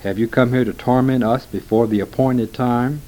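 A man's voice: mid-range voice, steady tone, moderate pace, mellow, close to an everyday voice. A man reading as a pleading horde of demons.

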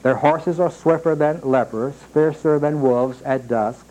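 A man preaching a sermon, slowing down to read scripture aloud and rising sharply in pitch on his questions. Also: dark tone, muffled recording. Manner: emphatic, rises sharply on questions. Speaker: pastor.

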